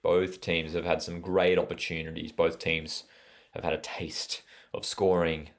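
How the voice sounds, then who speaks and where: Young Australian male host, casual live match commentary, lowish pitch, chatty with fillers. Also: level tone, measured pace. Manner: chatty, reads out live chat, frequent fillers. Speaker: watchalong host.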